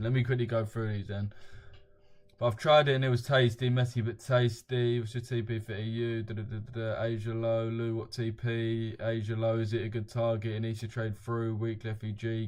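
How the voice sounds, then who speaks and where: This young man's lowish, darkish voice hosts a relaxed trading livestream. Blunt and full of slang, he curses openly and laughs softly while reading viewers' comments aloud.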